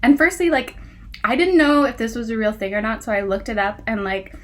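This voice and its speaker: A woman's voice: a little high, animated, a little fast, fairly bright tone. A young woman reviewing a book in casual chat, sarcastic, incredulous and giggly.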